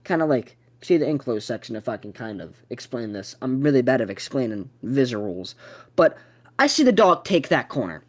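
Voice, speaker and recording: A young man hosting a podcast, telling a story in a profane, excitable way. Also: medium pitch, normal speed. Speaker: podcast host.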